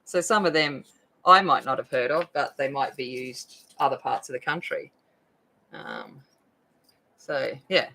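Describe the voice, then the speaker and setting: A woman's voice: a bass voice, big pitch swings, measured pace, creaky, pauses often, bright, forceful tone, low-quality recording. An Australian woman chatting casually as she colors on her coloring video, rambling with lots of fillers. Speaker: adult coloring video host. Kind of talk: casual chat while coloring.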